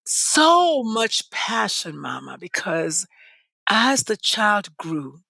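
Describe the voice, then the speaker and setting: Nigerian-born woman telling her story on a podcast, super expressive, lots of ups and downs, dry close sound. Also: medium pitch, creaky, no echo. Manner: passionate and animated, with dramatic pauses. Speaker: podcast guest. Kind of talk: emotional interview storytelling.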